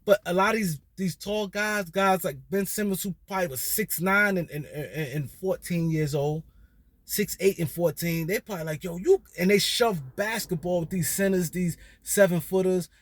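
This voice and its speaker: Brief: male sports-opinion host, high voice, dry close sound, animated and repetitive, slangy casual delivery. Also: normal speed, dry recording. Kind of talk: casual basketball opinion monologue.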